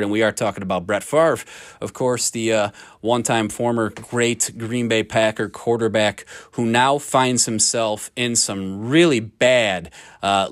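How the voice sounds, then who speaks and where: Male podcast host, casual sports chat, lively and profane, busts chops, dry booth. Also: medium pitch, no room sound. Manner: animated, ribbing, profane.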